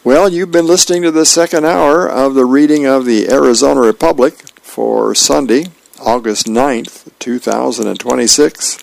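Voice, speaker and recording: A man volunteering as a radio reader, reading the newspaper and comics aloud in a gentle, plain way. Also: mid-range voice, normal speed, creaky, no room sound.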